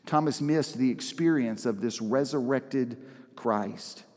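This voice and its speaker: A man's voice: medium pitch, slow, a little mellow. Man preaching a storytelling sermon in an echoing hall. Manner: conversational storytelling with dramatic emphasis. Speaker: pastor. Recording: reverberant large hall.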